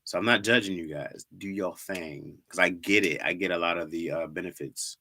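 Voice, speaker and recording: A man's voice: low-pitched, moderate pace, sharp tone. A man hosting a casual livestream, chatting with his viewers and playfully teasing them, repeating words for laughs. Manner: talks straight to viewers, says "y'all" a lot. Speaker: livestream host.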